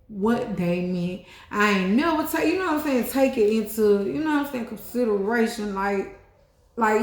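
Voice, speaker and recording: In a casual storytime vlog, a woman with a medium-pitched voice recounts her life story, chatty and animated. She swears and leans on fillers like "you know what I'm saying", and the room sounds echoey.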